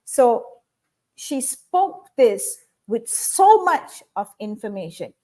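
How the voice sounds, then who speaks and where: A woman's voice: on the high side, very animated, slow, warm tone. Woman coaching public speaking. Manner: coaching, frequent "okay?" check-ins. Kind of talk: webinar lesson.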